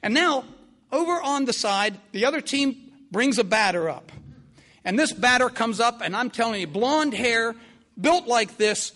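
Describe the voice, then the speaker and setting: Older male storyteller, high bright voice, very lively delivery. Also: unhurried. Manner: animated, vivid, repetitive. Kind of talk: spoken storytelling.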